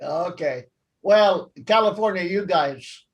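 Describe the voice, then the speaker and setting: Chatty high-voiced man teaching a class. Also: takes it slowly, dull audio. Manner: chatty, jokey, laughs at his own asides. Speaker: language class host. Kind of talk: casual teaching chat.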